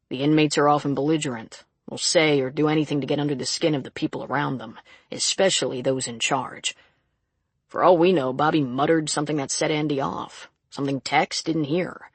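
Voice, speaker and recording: A reader voicing a calm, steady sheriff man. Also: medium pitch, fairly quick, slightly rough, no echo. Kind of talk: audiobook character reading.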